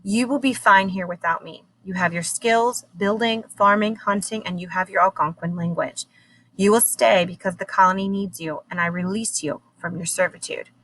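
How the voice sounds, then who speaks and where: A badly wounded colonial captain from a storybook, as a woman reads his lines, speaking slowly and quietly in a low, worn voice. His pitch sits at a middling level. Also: a little hiss or hum, natural voice, rough recording. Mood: weary.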